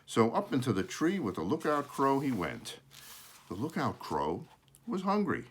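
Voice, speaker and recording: A man's voice: medium pitch, huge pitch swings, measured pace, slight background noise. A man reading a children's book aloud, with casual asides to show the pictures and small self-corrections along the way. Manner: shows pictures while reading.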